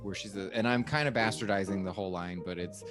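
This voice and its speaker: A man chatting as a comedian guest on a podcast, playful and quick with jokes, laughing often. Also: low-pitched, music in the background. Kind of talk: casual comedic chat.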